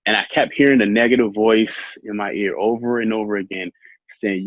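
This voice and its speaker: A man telling his own story as an interview guest, soft-spoken and halting with many fillers. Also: on the low side, fairly even intonation, dry recording, highs cut off.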